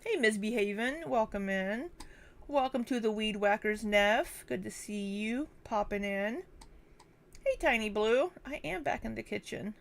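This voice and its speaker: A woman's voice: on the high side, a little slow, gravelly. A young woman hosting a casual livestream from her kitchen, chatting and greeting viewers by name. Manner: chatty, distracted, reads viewer names aloud. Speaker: livestream host. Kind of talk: casual livestream chat reading super chats. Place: home, kitchen.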